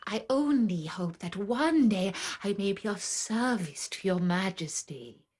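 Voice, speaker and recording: A small timid mouse, voiced by a woman reading a storybook, pleads in a breathy, hushed voice. It sounds meek and earnest. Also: mid-range voice, lively intonation, unhurried. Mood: pleading.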